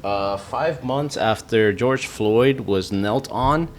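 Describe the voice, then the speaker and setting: A man's voice: mid-range voice, slow pace, a little hiss or hum. A man telling his own story as a podcast guest in casual chat, rambling with lots of fillers and swearing. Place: podcast studio.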